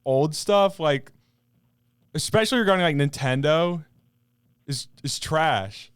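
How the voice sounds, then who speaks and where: A young man chats on a podcast, his fairly high voice smooth and clear. He rambles and restarts his sentences. The sound is close and dry. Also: measured pace, no room sound. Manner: rambling, laughs often, trails off mid-sentence. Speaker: podcast co-host. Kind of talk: casual chat.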